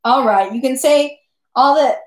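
A woman voicing a brisk, suspicious male French army officer in a storybook reading, clipped and commanding, in an echoey room. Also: sits high.

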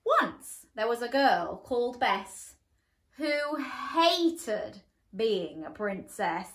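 A woman reads a bedtime picture book with a high, bright voice that swings widely in pitch. She takes her time and talks straight to the children. The sound is echoey. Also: extremely slow. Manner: animated, talks to children directly. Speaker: children's storyteller. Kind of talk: bedtime story reading. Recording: echoey room.

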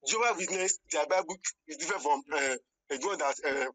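A man's voice: fairly high pitch, fast, fairly bright tone, poor audio. A man calling in to a heated debate, stammering, repeating words and cutting in with polite protests. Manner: stammering, repeats words, keeps interrupting with "excuse me, sir". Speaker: caller.

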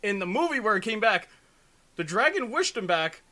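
A man's voice: high voice, sing-song, normal speed, bright, forceful tone. A young man co-hosting a let's play, rambling sarcastically and making crude jokes in casual gameplay commentary.

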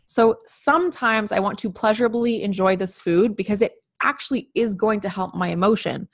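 A woman's voice: medium pitch, moderate pace, no room sound, studio quality. A woman talking candidly and chattily as a podcast guest, with lots of "like.". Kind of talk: casual podcast conversation.

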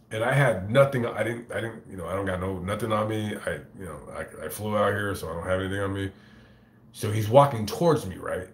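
A YouTuber with a voice on the low side tells a story to camera in an echoey room, also reading chat. He swears freely and rambles, stammering and stumbling with repeated restarts.

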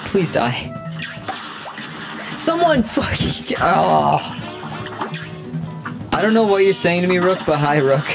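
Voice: medium pitch, fairly quick, hardly any pauses. A young adult game streamer giving casual live commentary, laughing often and swearing freely in a teasing way. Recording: game music behind the voice.

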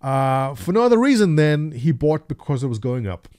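A man's voice: fairly high pitch, big pitch swings, moderate pace, a little mellow, clean tone, no echo, studio quality. A man in his forties, a former day trader, casually telling stories to his viewers and asking them rhetorical questions while he walks through a chart. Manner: laughs at his own stories. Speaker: streamer and market commentator. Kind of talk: casual storytelling over a chart.

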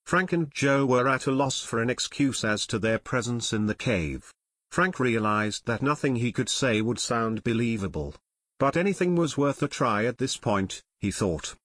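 A man narrating an adventure audiobook in a steady, measured way. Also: mid-range voice, no room sound. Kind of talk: scripted narration.

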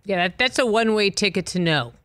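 A woman guest host chatting in a casual interview with quick, playful banter. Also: mid-range voice, lively intonation, fairly bright tone, no room sound.

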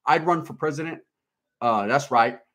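A middle-aged man with a mid-range, slightly bright voice hosts a casual livestream at a normal pace. He reads viewer comments aloud in a relaxed, slangy, streetwise style.

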